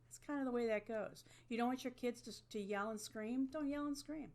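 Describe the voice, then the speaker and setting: A woman's voice: on the high side, fairly even intonation, a little fast, darkish tone. A woman teaching an online class to a webcam, talking in a conversational way and often checking in with "okay?". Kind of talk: online lecture.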